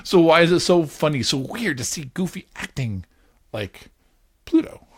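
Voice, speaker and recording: A man's voice: fairly high pitch, slightly rough, dry recording, studio quality. A man hosting a podcast, animatedly retelling a cartoon episode to his child and laughing often. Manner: animated, laughs often, quick voice swings for quoted characters. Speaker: podcast host.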